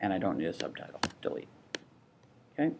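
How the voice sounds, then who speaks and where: A man with a somewhat low voice teaches a screen-recorded software tutorial. He talks casually and thinks aloud, with small restarts and asides, like a parent showing another how it is done. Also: big pitch swings, a little fast, gravelly, background noise. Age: adult with a child.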